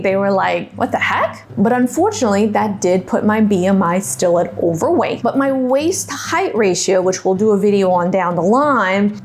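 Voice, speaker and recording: A woman's voice: medium pitch, slight background noise. A woman dietitian, telling her personal story to viewers in a chatty, folksy way. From Louisiana.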